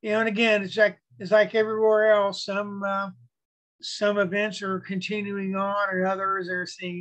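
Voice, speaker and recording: Man, middle-aged, high-pitched, chatty, rambling storyteller, video call mic. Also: completely flat delivery, moderate pace, a bit bright, low-quality recording. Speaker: club presenter. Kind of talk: casual chat before a video call talk.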